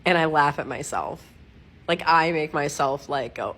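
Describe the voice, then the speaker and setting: Low-voiced, rambling, giggly woman. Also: lively intonation, normal speed, fairly bright tone. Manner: rambling, giggly, self-mocking, digresses often; clears throat often. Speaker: vlogger updating followers. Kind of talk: casual chatty video update. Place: at home, lying against her dog.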